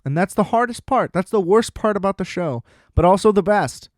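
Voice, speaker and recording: A man hosting a solo podcast, rambling casually in an excitable, profane way. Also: high voice, fairly quick, dry recording, studio quality. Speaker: podcast host.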